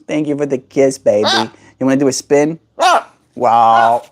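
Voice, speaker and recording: A man's voice: medium pitch, normal speed. A man livestreaming casually, chatting to his pet bird in sing-song baby talk and reading viewer chat aloud. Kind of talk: casual live stream chat.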